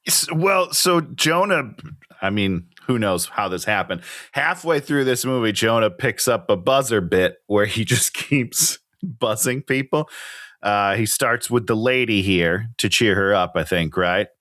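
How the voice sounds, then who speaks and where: A man co-hosting a podcast, reacting to a movie in casual chat, animated and incredulous, laughing often. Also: lowish voice, measured pace, dry recording, clean studio sound. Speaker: podcast co-host.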